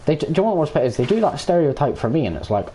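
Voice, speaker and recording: A man's voice: on the high side, sing-song, very fast, dark tone, a little hiss or hum. An Irish man streaming a game, ranting in casual chat and swearing freely as he plays. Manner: profane, ranting, talks over gameplay.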